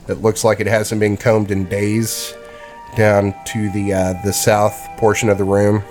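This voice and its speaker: A man narrating a tabletop game as game master, with frequent fillers. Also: fairly low pitch.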